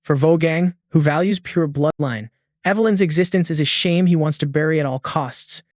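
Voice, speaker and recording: A man narrates a story recap in a steady, scripted way. His voice sits fairly high. The recording is dry and close. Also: normal speed, no room sound.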